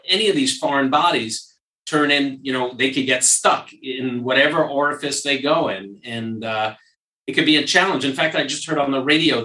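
Bright-voiced man telling stories, echoey room. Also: mid-range voice, recorded from a distance. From New York. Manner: animated storyteller who repeats phrases for emphasis. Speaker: surgeon and podcast host. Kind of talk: casual podcast chat and storytelling.

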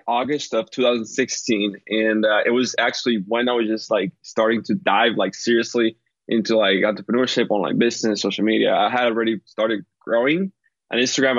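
A man's voice: fairly low pitch, no room sound. Dominican guy, rambly casual storytelling, kinda muffled dry audio. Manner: rambling, lots of "like" and "uh", laughs easily. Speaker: podcast guest, entrepreneur. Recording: slightly dull, dry lo-fi sound.

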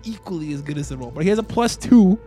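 A man's voice: fairly high pitch, lively intonation, quick pace, music in the background. A man at a tabletop game, easygoing and laughing about dice rolls. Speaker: player.

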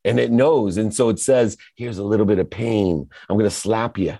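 A middle-aged man giving a motivational monologue, emphatic and rhythmic, building lists and swelling his pitch for effect. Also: moderate pace, vocal fry, dark tone, no echo. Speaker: motivational speaker.

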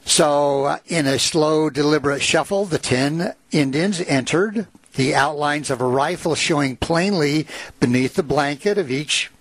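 A man's voice: a little high, a little slow, no room sound. A man retelling a written history aloud to a listener, reading passages and adding casual asides with fillers. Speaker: storyteller.

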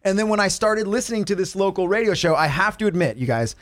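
Man, high voice, animated comedy podcast rant, dry close sound. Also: quick pace, dry recording. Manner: animated, swearing, mimics radio voices. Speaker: podcast co-host. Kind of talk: casual comedy chat.

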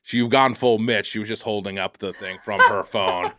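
A man's voice: fairly low pitch, moderate pace, noisy background. A man with a Boston accent co-hosting a podcast, telling stories in a casual, stammering way. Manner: stammering, animated storytelling. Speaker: podcast co-host. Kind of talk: casual chat.

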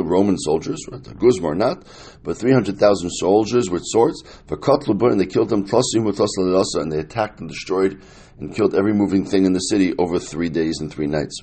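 Low husky man teaching Talmud. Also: mellow. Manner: casual, explanatory, with many fillers and Yiddish-Hebrew terms. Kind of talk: Talmud lesson, translating Aramaic line by line.

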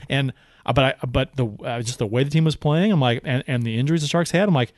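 Excitable, swearing man talking hockey. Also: medium pitch, fast, no echo, clean studio sound. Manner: excitable, swears, many restarts. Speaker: podcast co-host. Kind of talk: casual sports chat.

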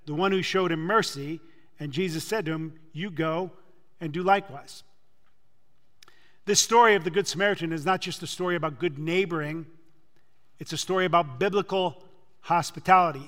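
A man preaching a sermon, retelling a scripture story with lively acted-out dialogue. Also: high-pitched. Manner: animated storytelling, acting out quoted voices. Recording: long hall reverb.

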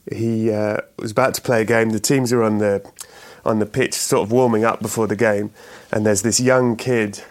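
A middle-aged man chats as an interview guest, his voice sitting a little low. He rambles, corrects himself mid-sentence and breaks into small chuckles. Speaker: actor and writer guest. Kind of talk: relaxed interview chat.

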